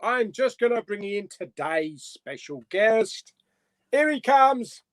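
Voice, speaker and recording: Jokey high-voiced man hosting. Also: sing-song, slow pace, no echo. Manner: jokey, laughs often. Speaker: host of a live chat show. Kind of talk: casual live-stream chat.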